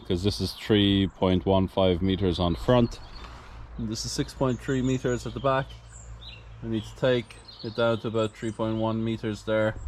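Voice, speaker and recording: A man's voice: fairly low pitch, a little mellow, a little hiss or hum. A man filming his farmhouse renovation, tired and out of breath, rambling and correcting himself as he talks to the camera while working. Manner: rambling, self-correcting, plain-spoken. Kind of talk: casual work commentary to camera. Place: building site, partly on a roof outdoors.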